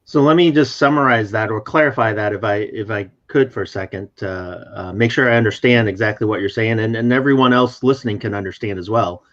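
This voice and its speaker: A man's voice: fairly low pitch, fairly quick, hardly any pauses, fairly bright tone. A man hosting a casual chat, summarizing and clarifying points in a teacherly way. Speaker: host. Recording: slightly dull lo-fi audio.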